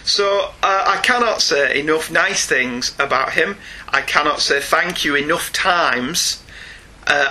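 A man's voice: on the high side, sharp tone. A middle-aged British man co-hosting a podcast, reading out listener emails in a chatty manner with frequent laughs. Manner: chatty, slows down and laughs often. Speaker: podcast co-host.

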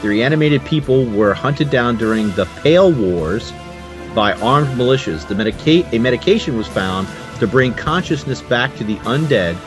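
A man's voice: mid-range voice, animated, music in the background. A man chatting casually on a podcast, reading a show summary aloud and joking with friends. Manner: jokey, reads aloud quickly, laughs often.

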